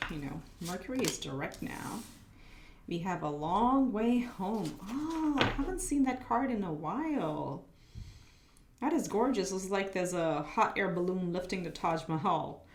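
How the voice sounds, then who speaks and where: A woman's voice: lowish voice, reverberant, slight background noise. A woman host giving a pick-a-card tarot reading, chatty and spiritual, her voice slightly muffled as she is losing it. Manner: chatty, spiritual, thinks aloud while laying cards. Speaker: tarot reader.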